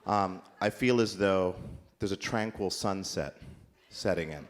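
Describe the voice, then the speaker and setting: A man's voice: deep voice, measured pace. A man performing an improvised comedic monologue on a conference stage, rambling in a mock-earnest, absurdist way.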